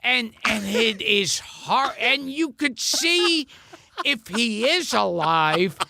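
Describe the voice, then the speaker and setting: A man's voice: very high-pitched, expressive, slow, vocal fry, sharp tone, no echo, clean studio sound. A man telling comic show-business anecdotes in casual chat, stammering and restarting as he acts out quotes. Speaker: comedian guest.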